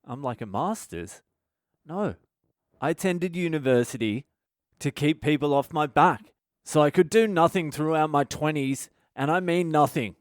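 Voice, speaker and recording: A man's voice: on the high side, normal speed, dry recording, studio quality. A man, a comedian hosting his own podcast, delivering a sardonic comic monologue that is full of swearing and acted-out mock dialogues.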